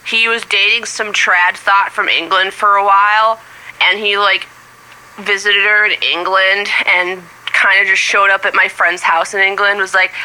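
A woman with a very bright, sharp voice tells a story over a voicemail in a loose, crude way. She swears often and talks casually and sloppily. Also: medium pitch, flat delivery, moderate pace, smooth, rough recording. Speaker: voicemail caller.

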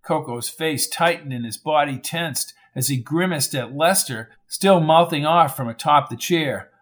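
A man narrating a crime novel in a steady, measured reading. His voice sits a little high for a man. He keeps an even, storytelling pace through the scenes. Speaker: audiobook narrator. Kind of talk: scripted narration.

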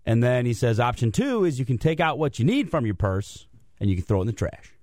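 Casual male radio guest, animated storyteller, dry studio sound. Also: medium pitch, brisk, no echo. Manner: animated storytelling, self-mocking. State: out of breath from cold. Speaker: guest commentator.

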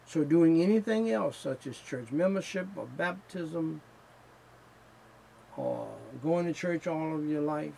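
A man preaching a sermon in slow, emphatic phrases that build in fervor. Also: on the high side, creaky, warm tone, a little hiss or hum, poor audio.

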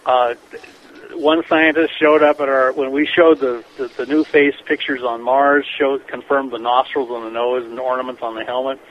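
A man being interviewed as a scientist guest on a radio show, telling stories in a rambling, animated way with many restarts. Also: mid-range voice, moderate pace. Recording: dull lo-fi radio broadcast with faint noise.

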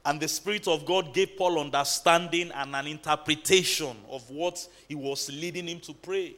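A man's voice: fairly high pitch, steady tone, normal speed, bright, forceful tone. A man preaching a sermon in a church, building to emphatic bursts and calling out to the congregation. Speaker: pastor.

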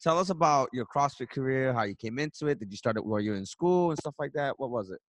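A man's voice: medium pitch, animated, fast talker, no echo. A man co-hosting a casual podcast, asking his guest easygoing questions. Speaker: podcast co-host.

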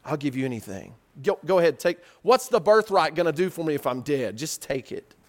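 A preacher voices a desperate young man from an old story, half dying of hunger and begging for any food he can get. He swings from high, loud pleading down to low, muttered giving-up. The voice stays fairly high overall. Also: big pitch swings, a little fast. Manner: pleading, melodramatic. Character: starving desperate young man trading away his birthright.

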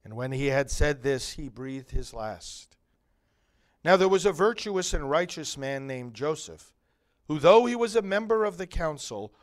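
A male priest giving liturgical readings and a homily in a measured, solemn way with long pauses. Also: fairly high pitch.

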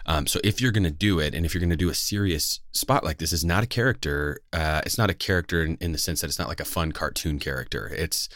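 Very deep-voiced American man, dry sound. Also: quick pace, hardly any pauses, a bit bright, no room sound. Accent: General American, West Coast. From West Coast of the United States. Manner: earnest, rambling, many fillers and restarts. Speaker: voice actor. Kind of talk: casual talk to camera.

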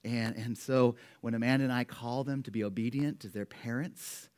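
A man in his thirties, a pastor giving a conversational sermon, earnest and warm, with a cough from a cold. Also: medium pitch, fairly even intonation, moderate pace. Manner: earnest and warm, speaking about his children. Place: church sanctuary.

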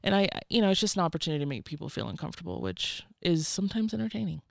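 A woman's voice: on the low side, very animated, racing, vocal fry, no echo, studio quality. A woman guest in a casual interview, talking in a wry, rambling, self-deprecating way. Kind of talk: casual chat.

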